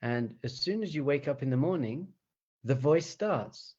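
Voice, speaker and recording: Animated man teaching, chuckling often. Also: mid-range voice, normal speed, husky, highs cut off. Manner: animated, chuckles often, asks rhetorical questions. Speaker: rabbi teaching meditation. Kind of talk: conversational teaching talk.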